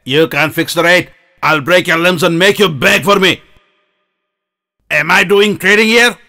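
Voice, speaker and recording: A man's voice: high voice, a little slow, bright, forceful tone, full character voice. An actor voicing a ruthless male beggar-gang boss who barks orders in a dubbed film. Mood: menacing. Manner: menacing, barking orders.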